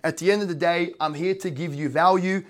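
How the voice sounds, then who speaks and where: A man's voice: sits high, steady tone, a little fast. Rambling Australian man giving a presentation. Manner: rambling, heavy on fillers and tag questions. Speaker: real estate investor and brokerage owner. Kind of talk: casual slideshow presentation.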